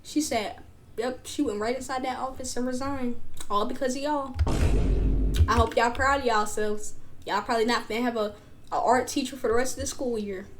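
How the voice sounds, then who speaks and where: A young woman streamer telling a school story to her chat, animated, loose and full of slang. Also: fairly high pitch, moderate pace, noisy background. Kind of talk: casual storytime chat with viewers.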